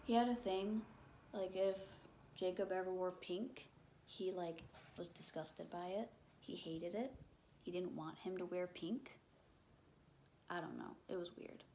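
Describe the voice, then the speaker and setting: A young woman tells a painful personal story on camera, slow and halting, padding her sentences with "like" and swearing when upset. Her voice sits on the low side, and a faint room hum runs underneath. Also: dark tone. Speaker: vlogger. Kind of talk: emotional storytime.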